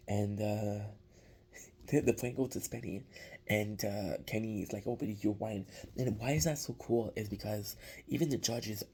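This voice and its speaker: Young guy w/ rambling a show recap, low mellow husky voice. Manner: rambling, many restarts and fillers. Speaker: show reviewer. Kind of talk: casual recap commentary.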